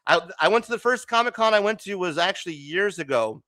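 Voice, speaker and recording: Arizona dude hosting a comics stream, cussing and cracking up, bright voice that jumps all over. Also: male voice, high voice, expressive, fast talker, no echo. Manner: laughs often, swears constantly; loose, rambling, chummy. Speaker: comics livestream host. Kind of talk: casual profane livestream chat.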